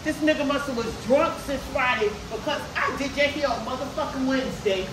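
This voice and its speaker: A hairstylist in her fifties telling a story in a salon, animated and profane, acting out what people said. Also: high-pitched, brisk, noisy background. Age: 50s. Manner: animated, profane, acts out quotes. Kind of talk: casual storytelling. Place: hair salon, indoors. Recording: echoey room, picked up from a distance.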